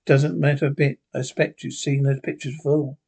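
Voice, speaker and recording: A man's voice: mid-range voice, flat delivery, fairly quick, gravelly, darkish tone, husky. A man reading a horror story aloud, voicing a grave wandering man who speaks dryly, with a mocking edge. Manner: grave and dry.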